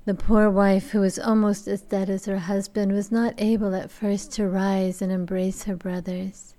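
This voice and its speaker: A woman lecturer who reads a fairy tale aloud in a measured, deliberate way and then turns to interpreting it. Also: medium pitch, level tone, mellow.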